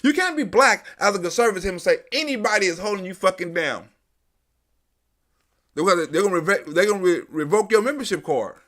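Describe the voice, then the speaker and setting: A man's voice: high voice, expressive, fairly quick, fairly bright tone. A man hosting a live stream, delivering an emphatic, profane, repetitive political commentary rant.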